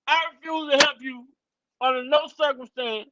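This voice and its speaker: A man hosting a casual opinion livestream, animated and profane, mocking people as he talks. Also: very high-pitched, normal speed. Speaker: livestream host. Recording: loud background noise.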